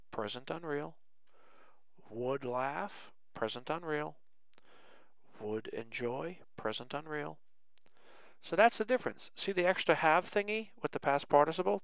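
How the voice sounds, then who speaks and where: A man teaching an English grammar lesson, slowly dictating example sentences word by word, with light self-mocking humor. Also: a little high, vocal fry, a bit bright, no room sound. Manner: slow, deliberate word-by-word dictation.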